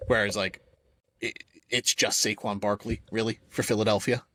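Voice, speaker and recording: A man's voice: fairly low pitch, steady tone, moderate pace, a bit bright, slight background noise. A young man co-hosting a casual sports podcast, talking in a rambling, laid-back way with lots of filler words. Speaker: podcast co-host.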